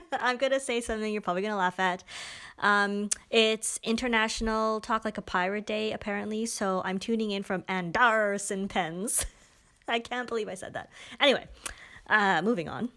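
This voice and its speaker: A woman's voice: mid-range voice, fairly bright tone, smooth. A woman hosting a casual live stream from a pen shop, chatty and giggly, with self-mocking asides as she demonstrates inks. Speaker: live-stream host demoing pens and ink.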